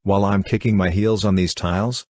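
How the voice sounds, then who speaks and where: A man's voice: lowish voice, fairly even intonation, a little fast, darkish tone, no echo, studio quality, close to an everyday voice. A man reading as Elliot, a plaintive joking student. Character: playful young male art student, plaintive.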